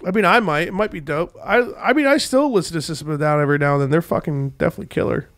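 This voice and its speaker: High bright-voiced New Jersey man. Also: lively intonation, rapid-fire, no echo, clean studio sound. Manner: rambling, profane storytelling. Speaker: podcast co-host. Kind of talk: casual chat.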